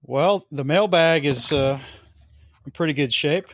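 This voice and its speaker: A man's voice: on the high side, unhurried, no echo. Laid-back dry-humored male podcast host. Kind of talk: casual hobby podcast chat.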